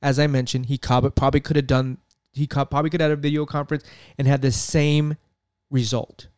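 A man's voice: medium pitch, flat delivery, fairly quick, a little mellow, clear, resonant tone, dry recording, clean studio sound. A man hosting a podcast, ranting about politics in a heated, profane, repetitive way. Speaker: podcast host.

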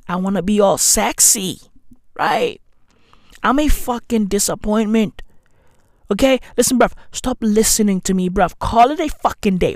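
A woman ranting in a profane, slang-heavy, sarcastic vlog. She swings between loud outbursts and hushed asides. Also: mid-range voice, unhurried, dry recording, clean studio sound. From South Africa. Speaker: vlogger. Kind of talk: profane self-mocking vlog rant.

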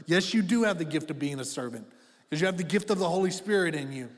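A man's voice: high voice, brisk. Conversational man preaching in a reverberant hall. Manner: conversational, direct, asks the congregation to respond. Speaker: pastor. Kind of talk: sermon. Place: church auditorium. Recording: long reverb of a church hall.

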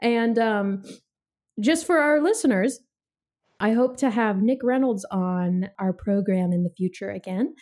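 A woman hosting a casual podcast chat, playful and quick to laugh. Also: mid-range voice, a little mellow. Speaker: podcast host.

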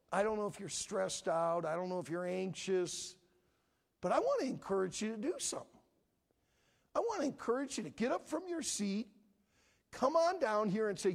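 Husky-voiced pastor pleading at an altar call. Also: male voice, high voice, a little mellow. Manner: earnest, pleading, voices the prayers of listeners. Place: church sanctuary.

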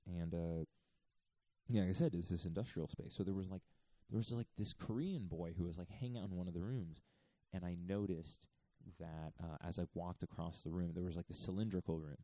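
Low-voiced man in his thirties rambling. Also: dark tone, dry recording. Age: 30s. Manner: rambling, many "like"s and fillers. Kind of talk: casual storytelling.

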